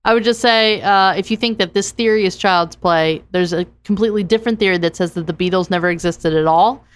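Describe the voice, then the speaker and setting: A woman's voice: lowish voice, fairly quick, smooth. A woman co-hosting a podcast, mostly adding brief, dry remarks. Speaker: podcast co-host. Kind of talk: casual podcast chat.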